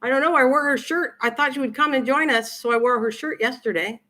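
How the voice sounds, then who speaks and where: With a high, sharp voice and a fast delivery, an older woman hosts a casual cooking stream from her kitchen at home. She reads viewer comments aloud and answers them in a friendly, rambling chat.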